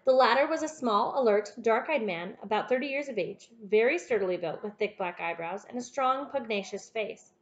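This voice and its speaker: A woman narrating a classic novel in a measured, steady way. Her voice is fairly high, and the recording is dull and lo-fi. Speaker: audiobook reader. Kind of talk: scripted narration.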